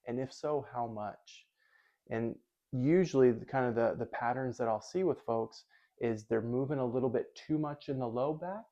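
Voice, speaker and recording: Calm, mellow-voiced male physical therapist. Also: medium pitch, normal speed, muffled recording. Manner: calm, methodical, thinks aloud. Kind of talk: explanatory lesson.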